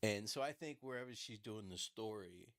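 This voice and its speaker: Speaking at a normal pace in a fairly low voice with lively intonation, a man rambles through a true-crime case as casual solo commentary. He uses many fillers and restarts, laughs often, and swears bluntly.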